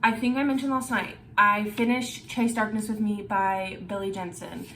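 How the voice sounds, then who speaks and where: A young woman gushes about her books in a casual home vlog. She talks in loose bursts, swears freely and trips over her own sentences. Her voice sits at a middling pitch for a woman. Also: steady tone, moderate pace, a bit bright, a little hiss or hum. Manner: gushing, profane, rambling with restarts. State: feeling unwell. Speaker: book vlogger. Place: bedroom at home.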